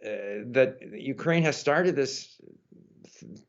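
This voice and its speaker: Male interview guest, mid-pitched, relaxed and thoughtful, dull lo-fi audio. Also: slow pace. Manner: thoughtful, frequent "uh" and "you know". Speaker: interview guest, language learner. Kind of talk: relaxed conversational interview answers.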